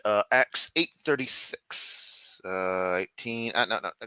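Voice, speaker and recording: Bright, profane American streamer. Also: male voice, lowish voice, a little slow, few pauses, smooth, no room sound. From United States. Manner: profane, sarcastic, rambling. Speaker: streamer host. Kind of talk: casual reaction commentary. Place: room at home.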